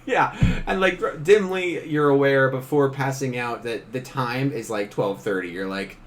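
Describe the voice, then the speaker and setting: A man's voice: medium pitch, measured pace. A man narrating as game master in a casual tabletop session, laughing often and briefly acting out characters.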